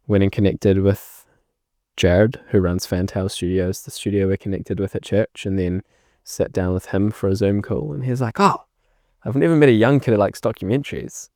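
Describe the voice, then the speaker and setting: As a guest on a casual podcast interview, a young New Zealand filmmaker recounts his story, performing past conversations with lively emphasis. His voice sits fairly low, and the audio is dry, close and free of echo.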